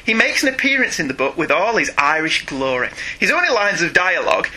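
A man's voice: high voice, big pitch swings, a little fast, sharp tone. A middle-aged British man co-hosting a podcast, reading listener emails aloud, teasing and laughing often. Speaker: podcast co-host, father.

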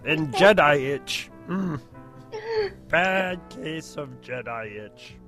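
An ancient little green alien sage, as a man puts him on, drawling his backwards-worded sayings at a crawl. His pitch swoops up and down between humming grunts. Music plays behind him. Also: lively intonation, slow pace, bright, forceful tone, exaggerated voice. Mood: goofy.

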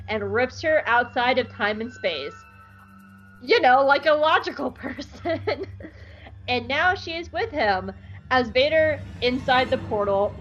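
A woman with a fairly high voice recaps a show in playful, animated chat. The sound is dull and lo-fi, with faint music running behind her. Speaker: podcast host.

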